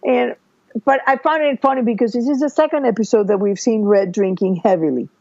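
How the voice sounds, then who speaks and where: A woman co-hosts a podcast, recapping scenes in a musing, rambling way. Her voice is high with a gravelly fry. The recording is dry and slightly dull. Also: a little fast, darkish tone, no echo. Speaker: podcast co-host. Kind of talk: casual chat.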